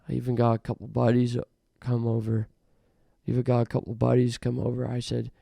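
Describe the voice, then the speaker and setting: A young man hosting a podcast, rambling through an absurd comic monologue in a deadpan way with mock rants. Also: mid-range voice, brisk, gravelly, no room sound, clean studio sound. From Canada. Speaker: podcast host.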